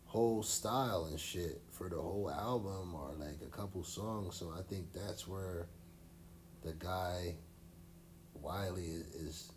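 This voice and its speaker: A man's voice: low-pitched, darkish tone, a little hiss or hum. A man co-hosting a podcast, talking in a laid-back, rambling way full of slang and fillers. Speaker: podcast co-host. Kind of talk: casual chat.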